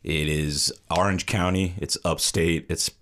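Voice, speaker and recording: A man in his thirties from New York's Hudson Valley, a podcast guest telling stories in a relaxed way with dry humor. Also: a little slow. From Hudson Valley, New York. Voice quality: deep, rich voice. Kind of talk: casual interview chat.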